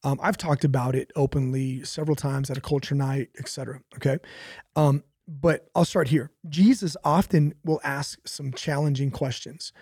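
A man's voice: mid-range voice, steady tone, moderate pace, a little mellow, husky, dry recording, studio quality. A young man, a pastor, talking casually about faith, telling stories animatedly with laughs and repetition.

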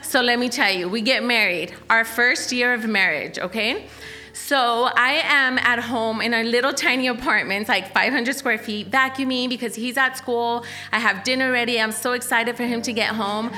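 A young woman with a high, bright voice tells a story in an easygoing talk. She is animated and laughs often, tossing in "like" and "okay?" as she goes. Soft music plays faintly behind her. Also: moderate pace.

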